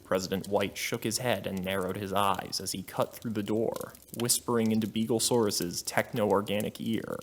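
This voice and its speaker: A man giving a deadpan comedic reading of a fanfiction story. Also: fairly low pitch, normal speed, few pauses, slight background noise. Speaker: fanfiction reader.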